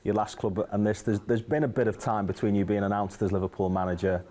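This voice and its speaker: A man interviews a football manager in a friendly, conversational way. His voice sits low, and he asks his questions plainly. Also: steady tone, fast talker, warm tone. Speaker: club interviewer. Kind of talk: media interview.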